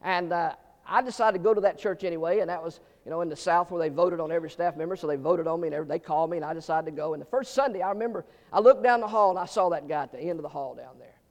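Fast-talking, high-voiced folksy male pastor. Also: big-room sound, highs cut off. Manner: folksy, joking, quick asides, repeats words. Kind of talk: sermon with humorous stories.

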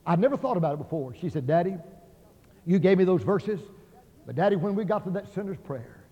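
Impassioned preacher in an echoing hall. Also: male voice, sits high, animated, a little fast, husky. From Oklahoma. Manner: impassioned, acts out quoted voices, rises to near shouts. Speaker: evangelist preacher. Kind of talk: revival sermon. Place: large auditorium. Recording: dull sound in a hall with long reverb.

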